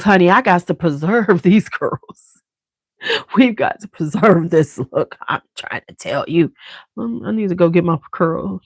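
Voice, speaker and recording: A woman's voice: lowish voice, no echo. Chatty woman, dry close mic. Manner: chatty, swears freely, talks straight to viewers. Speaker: beauty channel host. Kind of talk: casual livestream chat. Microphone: clip-on mic.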